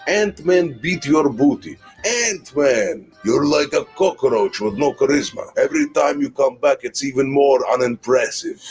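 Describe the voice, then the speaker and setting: A man's voice: medium pitch, animated, unhurried, few pauses, darkish tone. A man voicing a boastful, contemptuous comic-book tyrant in a fan-made dub, delivering a mocking, foul-mouthed rant full of grand boasts. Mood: scornful. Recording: clip with faint music behind. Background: faint music.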